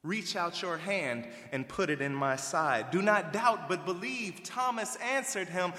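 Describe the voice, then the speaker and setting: A man preaching a sermon as pastor, jumping between lively asides and slow scripture reading. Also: sits high. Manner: lively preaching, breaks off to play music, then reads scripture slowly. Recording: echoey hall with long reverb.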